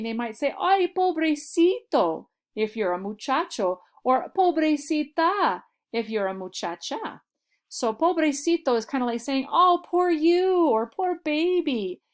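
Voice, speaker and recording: A woman teaching a Spanish vocabulary lesson, explaining patiently and saying model phrases slowly and clearly. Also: a little high, a little mellow.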